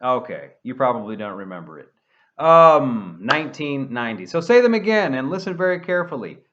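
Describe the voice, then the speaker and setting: A man's voice: medium pitch, sing-song, brisk, fairly bright tone, lo-fi sound, a little hiss or hum. A man teaching English pronunciation to camera, carefully modeling words for learners to repeat, with playful asides.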